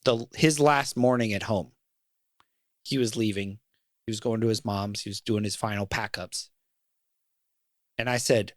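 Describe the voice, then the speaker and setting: A man's voice: lowish voice, fairly even intonation, a little slow, long pauses, no room sound. Earnest middle-aged man, dry close sound. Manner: earnest and reflective, talks about fatherhood with feeling. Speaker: podcast co-host. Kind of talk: casual podcast conversation.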